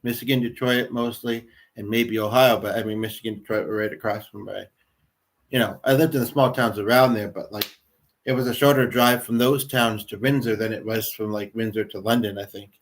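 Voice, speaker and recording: A man's voice: fairly low pitch, fairly even intonation, brisk. A man in his thirties from Canada, hosting a casual livestream and chatting in a rambling way with viewers in the chat. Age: 30s. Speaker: livestream host.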